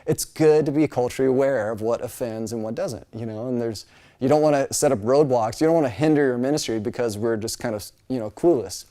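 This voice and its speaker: A man's voice: medium pitch, a little fast, dark tone. A middle-aged man from the United States giving a casual, chatty Bible college lecture. He fills his talk with asides and fillers and now and then mimics other people's voices.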